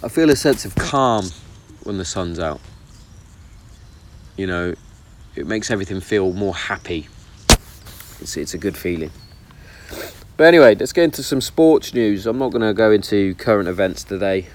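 A fairly low-pitched man talks in a loose, sweary, opinionated way about football. He's recording outdoors in the countryside, with birdsong and open-air ambience behind him. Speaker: vlogger. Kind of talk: casual chat.

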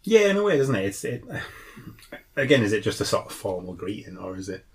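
Give me a low-voiced, reflective man on a podcast. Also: big pitch swings. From Northeast England. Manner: measured, reflective, reads passages aloud. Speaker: podcast co-host. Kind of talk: casual book-discussion chat.

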